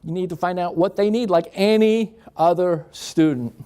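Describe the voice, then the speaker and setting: An older man, a psychologist, giving an animated, conversational lecture to an audience in a classroom. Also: high voice, normal speed, clean tone. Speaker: guest speaker, psychologist. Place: lecture room.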